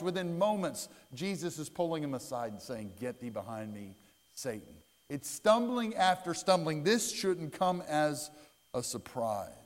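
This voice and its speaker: A man preaching a sermon as pastor. He speaks earnestly and swings between loud, dramatic lines and hushed ones. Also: a little high. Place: church sanctuary. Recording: long church-hall reverb.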